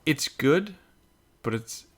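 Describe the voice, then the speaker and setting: A man's voice: a little high, lively intonation, slow pace, slight background noise. A man in his thirties co-hosting a casual podcast, rambling and joking at his own expense. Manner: rambling, self-deprecating storyteller. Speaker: podcast co-host. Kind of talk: casual chat.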